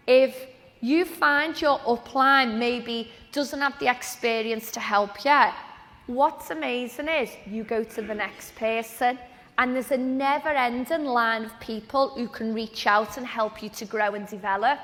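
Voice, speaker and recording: Brief: high, bright woman speaker, lively storyteller, reverberant hall. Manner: lively storytelling, acts out quoted conversations. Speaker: speaker at a training event. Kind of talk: personal story told to a live audience.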